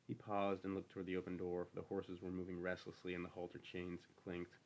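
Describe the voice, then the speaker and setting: A man reading an audiobook, narrating in a steady, unhurried way. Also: low-pitched. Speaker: audiobook reader.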